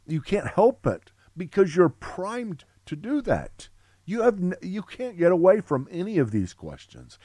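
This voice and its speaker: A middle-aged man teaching a theology class, talking with excitement in long run-on sentences full of restarts. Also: on the high side, no room sound, clean studio sound. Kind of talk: classroom lecture.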